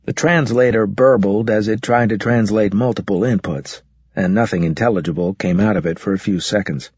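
Male audiobook narrator, husky, low, measured. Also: a little mellow, no echo. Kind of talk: scripted first-person narration. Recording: dull, muffled audio.

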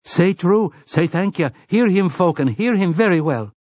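A man's voice: sits high, lively intonation, normal speed, a little mellow, dry recording, pitched above the performer's own voice. A man voicing a fierce, fervent woman who rings out to a crowd. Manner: fervent, ringing. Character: fierce older woman, childless.

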